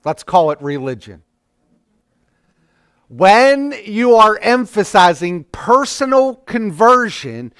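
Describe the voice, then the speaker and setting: High-voiced man teaching a slow church class. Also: smooth, no echo, clean studio sound. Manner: conversational, with stammered restarts. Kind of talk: adult church class lecture.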